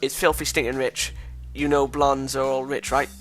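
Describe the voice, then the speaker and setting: A man's voice: medium pitch, flat delivery, moderate pace, a bit bright, soft background music, lightly acted. Welsh man reading a paranoid rambling schoolboy. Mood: conspiratorial. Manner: rambling, conspiratorial, stumbling over words. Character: paranoid conspiracy-minded schoolboy, blustering.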